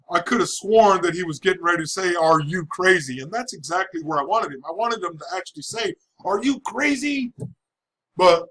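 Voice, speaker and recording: A man with a slightly higher-than-average voice recounts his own story in a relaxed, chatty way. He often restarts his sentences and chuckles as he goes. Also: low-quality recording. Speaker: person giving a testimony. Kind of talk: casual storytelling.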